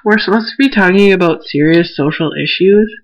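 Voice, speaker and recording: A woman's voice: on the low side, highs cut off. A woman co-hosting a podcast, talking casually with blunt, teasing jokes. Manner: blunt, teasing, quick to joke. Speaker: podcast co-host. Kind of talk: casual chat.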